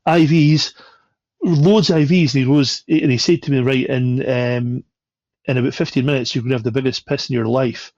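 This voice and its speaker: Guy with a gravelly voice, chatty story on a podcast, acts out the voices, dull dry sound. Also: mid-range voice, moderate pace, no echo. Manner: animated, acts out quoted voices. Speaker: podcast guest. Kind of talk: casual storytelling.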